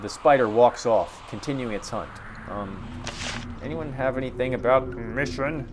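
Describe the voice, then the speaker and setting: A man's voice: mid-range voice, moderate pace. A man reading a role-playing game's text aloud as a streamer, dropping wry asides. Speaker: game streamer. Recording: steady background noise.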